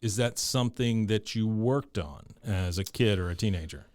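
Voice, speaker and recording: A man's voice: on the low side, normal speed, darkish tone, dry recording, clean studio sound. A man hosting a podcast, interviewing his guest in a casual, chatty way and asking personal questions.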